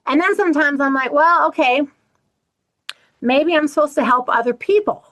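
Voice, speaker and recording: A middle-aged woman hosting her own channel, talking candidly to viewers and acting out other people's lines in an animated way. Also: sits high, moderate pace, poor audio. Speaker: channel host. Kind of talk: personal talk to camera.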